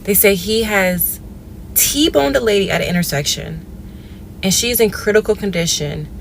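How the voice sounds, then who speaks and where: A woman from Georgia telling a story in a casual, animated way, acting out phone dialogue with big jumps in pitch. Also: moderate pace, vocal fry, slight background noise. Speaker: storyteller in a viral clip.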